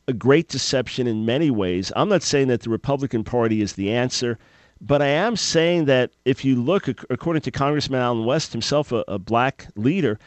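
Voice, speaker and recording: A man hosting a call-in radio talk show, speaking in an earnest, measured way. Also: medium pitch, no echo. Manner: earnest, measured, thinking aloud.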